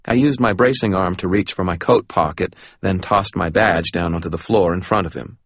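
A man's voice: deep voice, moderate pace, slight background noise. A man reading a first-person audiobook in a dry, matter-of-fact way. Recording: dull lo-fi recording.

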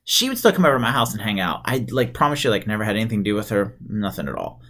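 Guy telling wild stories quick, voice bouncing all over, swears a lot and cracks himself up. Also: lowish voice. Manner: animated, profane, laughs while telling stories. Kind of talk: casual storytelling chat.

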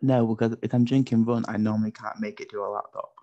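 A man's voice: on the low side, level tone, fast, warm tone. A man with a lisp hosting a podcast, chatting casually and joking around, often tripping over his words. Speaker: podcast host. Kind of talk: casual chat. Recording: dull lo-fi podcast audio.

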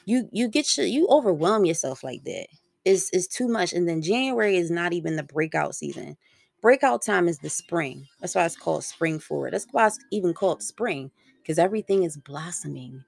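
A woman's voice: lowish voice, lively intonation, fairly quick, creaky, a little mellow, no echo. A young woman hosting her own podcast solo, talking in a casual, slangy, rambling way and swearing freely. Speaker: podcast host.

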